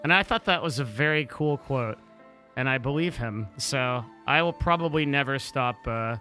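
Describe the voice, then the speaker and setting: A man's voice: medium pitch, moderate pace, sharp tone, soft background music. A man chatting casually on a live stream, blunt and profane, rambling with lots of "like" and restarts. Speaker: livestreamer answering chat.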